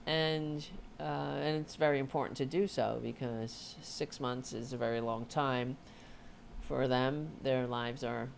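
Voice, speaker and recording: A woman's voice: a bass voice, fairly even intonation, measured pace, gravelly, a little hiss or hum. A woman hosting a casual livestream, rambling and swearing as she chats and talks to her cat. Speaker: host.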